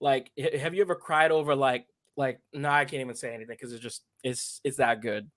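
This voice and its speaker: A young man co-hosting a livestream, chatting in an animated, excitable way with lots of restarts. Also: medium pitch, a little fast. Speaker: livestream co-host. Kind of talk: casual chat.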